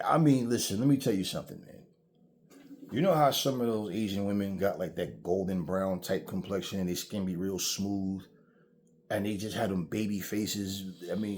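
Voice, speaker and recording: A man hosts his own channel, his fairly low voice a little mellow. His casual monologue on relationships is blunt, profane and preachy, broken up with stories.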